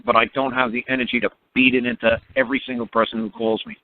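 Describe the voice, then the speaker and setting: A man's voice: mid-range voice, big pitch swings, fast talker, vocal fry. A man rambling through a story on a phone call, repeating words and acting out quotes. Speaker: speaker on a call-in teaching line. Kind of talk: rambling casual phone talk. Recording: tinny phone line.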